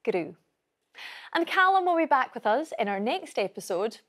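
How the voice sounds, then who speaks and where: A woman hosting a language programme, bright and bilingual. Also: a little high, moderate pace. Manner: bright, lively, switching between languages. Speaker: host. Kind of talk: studio presenting.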